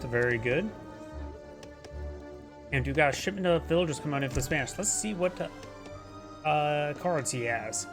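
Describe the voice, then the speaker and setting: A man casually commentating a strategy game replay, rambling and tripping over unit names. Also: fairly high pitch.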